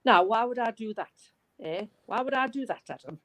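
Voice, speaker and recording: A woman's voice: fairly high pitch, animated, brisk, noisy background. Teasing woman on a live video chat. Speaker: panel guest. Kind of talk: casual live stream chat. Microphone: video call.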